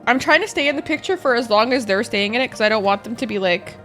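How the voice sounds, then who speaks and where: A woman streaming a game, chatting in a high, bouncy voice that leaps around in pitch. She sounds excitable and giggly and swears freely. Faint game music plays behind her. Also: fast. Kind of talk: live game-stream chat.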